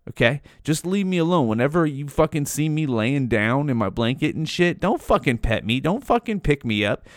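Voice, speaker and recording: A man voicing a grumpy, ancient male house cat who complains wearily and bitterly, in his own smooth voice. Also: a little high, big pitch swings, moderate pace, no room sound, studio quality. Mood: fed-up. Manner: complaining, fed-up.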